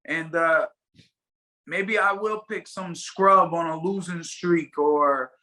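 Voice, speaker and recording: Male fighter guest, bright high-ish voice, loose rambling talk on a video call. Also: fairly even intonation, slow pace, rough recording. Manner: rambling, many fillers and restarts. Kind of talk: casual interview chat.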